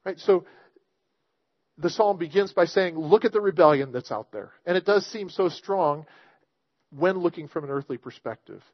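A man preaching a sermon in a fairly high voice, earnest and emphatic as he reads scripture and explains it. The sound is dry and a little dull. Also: animated, normal speed, slightly rough, dry recording. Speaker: pastor.

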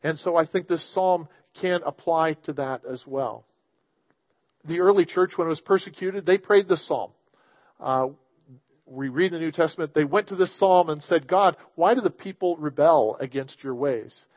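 A man's voice: on the high side, normal speed, dry recording, dull audio. A man preaching a sermon, reading scripture aloud and explaining it in an earnest, emphatic way. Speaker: pastor.

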